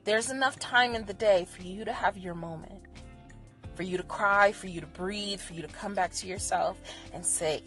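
A woman giving candid, profane encouragement about living with anxiety, moving between soft, gentle reassurance and loud, animated venting. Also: mid-range voice, normal speed, soft background music. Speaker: vlogger sharing anxiety coping advice. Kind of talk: candid motivational monologue.

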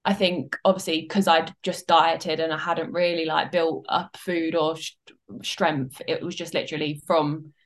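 A young woman with a somewhat low voice, chatting casually as a coaching client. She talks in loose, rambling sentences full of fillers and restarts. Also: level tone, moderate pace. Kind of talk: casual chat.

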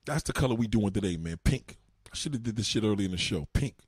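A middle-aged man holds forth on his show in a crude, profane monologue, circling back over the same lines. His voice is husky and swings widely in pitch. The recording is close and dry. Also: fast talker, no room sound. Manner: animated, profane, repeats himself. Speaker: show host.

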